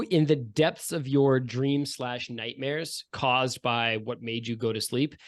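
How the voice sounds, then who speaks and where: A man running a tabletop game as game master, describing scenes in a loose, rambling way full of fillers. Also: mid-range voice.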